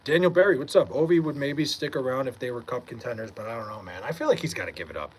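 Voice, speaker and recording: A man's voice: mid-range voice, expressive, fast talker, slight background noise, rough recording. A young man from Long Island, New York, streaming live and casually reading and answering chat messages, laid-back and swearing freely.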